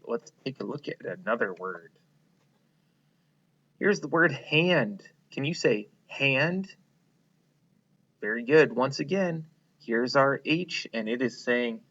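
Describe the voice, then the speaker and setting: A man's voice: mid-range voice, a bit bright, highs cut off. A man teaching a phonics lesson to young children, patient and encouraging, asking them to repeat words after him. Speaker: kindergarten teacher.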